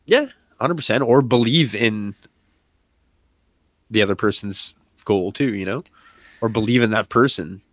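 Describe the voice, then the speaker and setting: A man co-hosting a casual podcast chat, animated and excited, full of fillers and acted-out quotes. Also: on the low side, measured pace, long pauses, no room sound. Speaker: podcast co-host.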